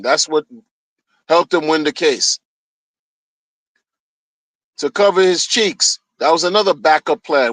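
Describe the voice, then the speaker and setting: A man's voice: on the high side, normal speed, long pauses, fairly bright tone, dry recording, low-quality recording. A man streaming a heated solo rant, agitated and profane, often repeating himself.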